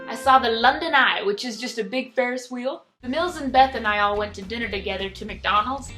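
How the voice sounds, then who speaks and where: A young woman telling travel stories in a chatty, excitable, geeky vlog. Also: a little high, brisk, soft background music. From United States. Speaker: travel vlogger. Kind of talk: casual storytelling vlog.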